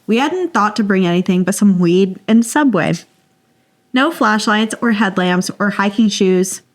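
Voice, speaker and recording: A podcast co-host with a medium-pitched voice reads a listener's story aloud at an unhurried pace. She makes it playful and dramatic, laughing easily between lines.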